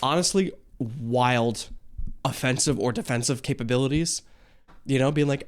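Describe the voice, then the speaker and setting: A man hosting a reaction video, talking casually and animatedly, swearing freely, stammering and restarting, and jumping into a high, excited pitch when something surprises him. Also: brisk.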